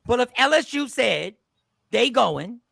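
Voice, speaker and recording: Gravelly, bright-voiced male debate host. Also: very high voice, sing-song, unhurried, dry recording. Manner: forceful, argumentative, interrupts often. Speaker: show host. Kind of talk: heated panel debate.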